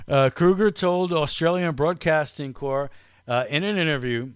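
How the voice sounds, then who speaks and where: A playful podcast host, a man with a fairly high voice, chatting loosely and teasing his co-host. He drags out a story for effect and delivers it with mock suspense. The sound is dry and close, with no room echo. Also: a little slow, smooth. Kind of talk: casual comedic chat.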